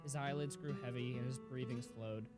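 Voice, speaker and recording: A man hosting a reaction video, reading a sad story aloud gently and lowering his voice for quoted lines, then reacting emotionally. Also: fairly even intonation, normal speed, loud music behind the voice.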